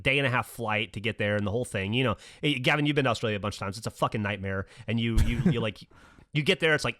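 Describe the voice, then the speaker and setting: A man in his forties, a podcast host, telling a long story in casual, profane chat and acting out the voices of the people in it. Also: medium pitch. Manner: animated, profane storyteller who acts out his daughter's lines.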